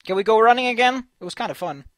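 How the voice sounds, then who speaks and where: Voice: medium pitch, animated, fast talker, dry recording. A let's play host giving playful gameplay commentary and reading game lines aloud in silly voices, with faint game music behind.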